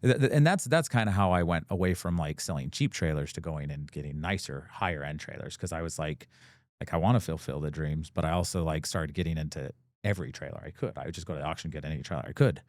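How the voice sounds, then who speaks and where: Low rambling man telling stories. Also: fast, dry recording, clean studio sound. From United States. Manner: rambling, full of "like" fillers, acts out quoted dialogue. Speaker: business owner, guest. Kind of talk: casual storytelling interview.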